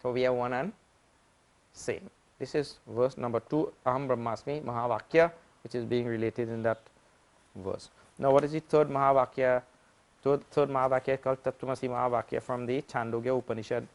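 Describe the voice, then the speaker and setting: A male swami teaches in a patient, repetitive way, building simple analogies step by step. He speaks at a mid pitch and swells louder whenever he stresses a key phrase. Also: fairly even intonation, brisk. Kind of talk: spiritual lecture.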